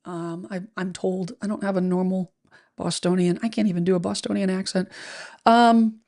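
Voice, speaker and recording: A woman's voice: medium pitch, level tone, normal speed, mellow. Chatty middle-aged American woman host. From United States. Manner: chatty and rambling, many fillers and restarts. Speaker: real estate show host. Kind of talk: casual livestream chat reading viewer comments.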